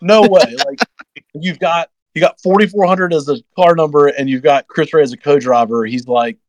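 A young man telling a long story on a podcast, rambling and acting out quotes in sudden high-pitched bursts. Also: steady tone, moderate pace, no echo, low-quality recording. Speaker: guest race driver.

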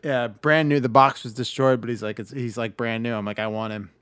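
A man co-hosting a casual podcast, listing collectibles with enthusiasm and teasing his co-host with quick asides. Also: mid-range voice, fairly bright tone, slight background noise. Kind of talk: casual chat.

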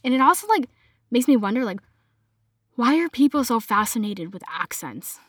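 A woman's voice: on the high side, very animated, normal speed, a bit bright, husky, no echo, studio quality. A young adult woman with a Boston accent, chatting casually as a podcast host and filling her talk with "like". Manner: chatty, heavy use of "like" fillers. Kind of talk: casual chat monologue.

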